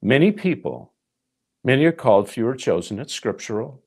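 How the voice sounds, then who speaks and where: Gravelly-voiced pastor telling a story. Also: male voice, medium pitch, big pitch swings, normal speed, darkish tone. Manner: storytelling, acting out dialogue with God; addresses listeners as folks. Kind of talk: sermon.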